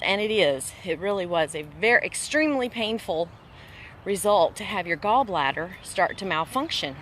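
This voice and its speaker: A woman's voice: mid-range voice, big pitch swings, moderate pace, fairly bright tone, a little hiss or hum. A woman host sharing a personal faith testimony in casual conversation, earnest and emphatic, repeating phrases for weight. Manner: earnest preaching tone.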